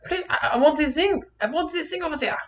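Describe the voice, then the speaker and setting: A man voicing a whining three-year-old boy with a German accent, pleading and shouting. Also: very high-pitched, fast, dull audio, a little hiss or hum, voice pushed up.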